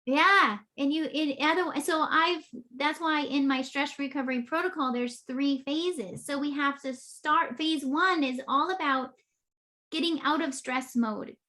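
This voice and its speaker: Female guest, high-pitched, brisk step-by-step explainer. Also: pushed and bright. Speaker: guest author and naturopathic doctor. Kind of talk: explanatory interview talk.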